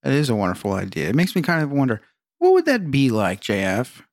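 A man's voice: medium pitch, wildly swooping pitch, fast, no room sound. A man co-hosting a casual podcast, dropping dry quips and laughing easily. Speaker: podcast co-host.

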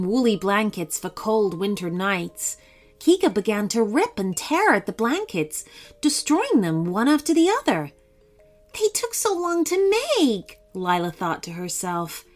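A woman narrating a children's story in a slow, expressive and dramatic reading. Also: medium pitch.

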